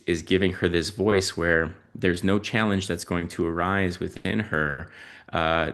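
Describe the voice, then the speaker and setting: A man with a low-pitched voice talks through family stories as a podcast guest. He pauses often and fills the gaps with ums and uhs. His delivery is slow and thoughtful. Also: a bit bright. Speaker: podcast guest, parent and physician-researcher. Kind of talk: reflective conversational storytelling.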